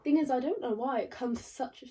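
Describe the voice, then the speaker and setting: A sardonic young woman in her twenties delivers a stage monologue full of dry, crude asides. Her voice is dark and a little husky. She sounds a touch distant from the mic. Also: high-pitched, fairly quick. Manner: wry, deadpan, crude asides. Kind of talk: theatrical monologue.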